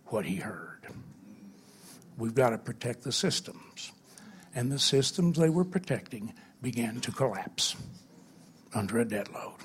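An older man preaching a sermon, telling emotional stories that swing between loud, stretched words and hushed, quiet passages. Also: medium pitch, breathy edge.

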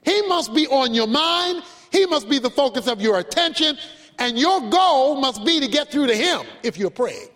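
A man delivers a sermon with strong emphasis, slowing for dramatic pauses and telling stories to make his points. His voice sits very high for a man. The sound carries a long reverb, as in a large hall. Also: very animated, fairly bright tone. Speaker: pastor.

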